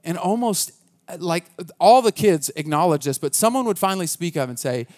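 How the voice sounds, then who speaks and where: A man's voice: sits high, lively intonation, normal speed, a little mellow. A man preaching a conversational sermon as pastor, earnest and casual, often restarting his sentences.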